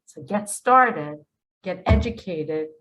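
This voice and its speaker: A middle-aged woman delivers an earnest spiritual monologue, slow and emphatic. Her lively pitch swings widely, and she sits on a fairly low register for a woman. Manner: emphatic, pleading, slow and drawn out, drops to a hush for quoted words. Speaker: spiritual video host. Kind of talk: earnest direct-to-camera monologue.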